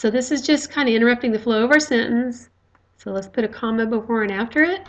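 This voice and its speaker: In a recorded grammar lecture, a teacher with a slightly high voice explains things patiently, one step at a time. She frequently pauses on "okay" and "uh."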